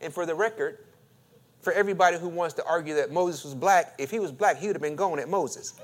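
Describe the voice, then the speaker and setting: A man's voice: fairly high pitch, quick pace, noisy background. A man preaching a sermon, reading scripture aloud and joking as he acts out the voices of the story. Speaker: pastor.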